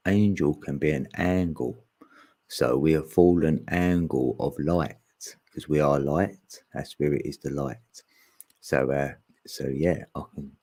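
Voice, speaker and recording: A man hosting a casual spiritual chat, slangy and relaxed, laughing often and acting out what others said. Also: a bass voice, creaky, slightly rough. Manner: laid-back, laughs often, slangy, acts out quoted voices. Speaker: podcast host.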